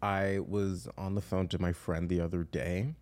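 A man's voice: low voice, level tone, normal speed, a little mellow. A man from Los Angeles with an American accent, chatting casually as a podcast guest in a loose, laid-back way with plenty of fillers. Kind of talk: casual chat.

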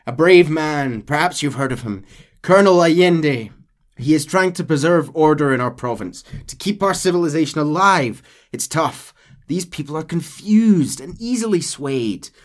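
A man voicing a smooth, sly army captain while reading a game's story aloud, in his own voice without an accent. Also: a little high, lively intonation, moderate pace, voice pushed up, close to an everyday voice. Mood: persuasive.

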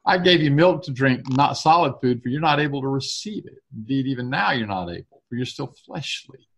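A man's voice: mid-range voice, animated, a little fast, gravelly, a bit bright. A man leading a casual Bible study discussion, reading verses aloud and thinking through their meaning.

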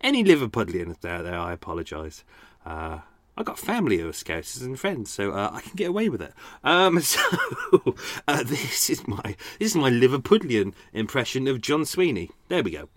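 A male podcast host talking casually about his own work, rambling and poking fun at himself with plenty of chuckles. His voice sits in a middle pitch and the recording is dry and close. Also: wildly swooping pitch, moderate pace, dry recording. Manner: rambling, self-deprecating, laughing often. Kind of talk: casual commentary. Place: home by a canal.

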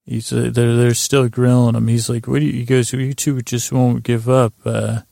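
A man's voice: medium pitch, normal speed, creaky, no echo, studio quality. A man hosting a podcast, casually recapping a TV episode in a rambling way and quoting the characters without much change in his voice. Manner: rambling, quotes characters in a flat voice. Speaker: podcast host.

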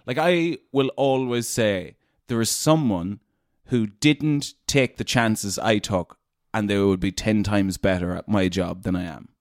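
A man's voice: on the low side, a little slow, dry recording, clean studio sound. A man from Leitrim, a radio presenter speaking frankly and colloquially as an interview guest. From Ireland, Leitrim. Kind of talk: casual conversational interview.

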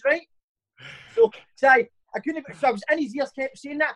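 A man's voice: very high-pitched, a little fast, a bit bright, rough recording. Cheeky Glaswegian man telling stories. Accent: Glaswegian Scottish. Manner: cheeky, teasing storyteller, sweary. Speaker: podcast host, ex-footballer. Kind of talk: casual chat.

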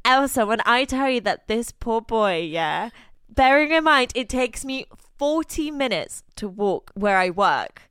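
Animated giggly young woman. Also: a little high, a little slow, smooth, no echo, studio quality. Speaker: podcast co-host. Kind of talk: casual chat. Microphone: remote recording.

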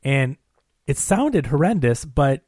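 A podcast host chatting casually about films, giving animated, emphatic opinions. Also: male voice, mid-range voice, slow pace, breathy edge, dry recording, studio quality. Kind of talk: casual film discussion.

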